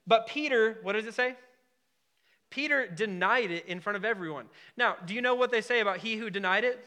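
A man's voice: sits high, brisk, bright, forceful tone. A man preaching a sermon to a congregation in a conversational, emphatic way, with asides and questions to the room. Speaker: pastor.

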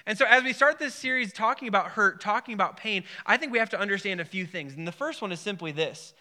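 A man's voice: sits high, lively intonation, fast talker, bright, forceful tone. A man in his thirties preaching a sermon, telling a personal story in a rambling way, often repeating words and restarting. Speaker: pastor.

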